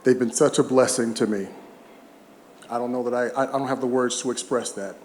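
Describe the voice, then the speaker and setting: At a podium in a large event hall, a retired baseball player of about sixty gives a heartfelt, funny speech full of personal stories, choking up at times. His medium-pitched, darkish voice moves fairly quickly with fairly even intonation. The hall echoes, with faint ambience and a little hiss or hum.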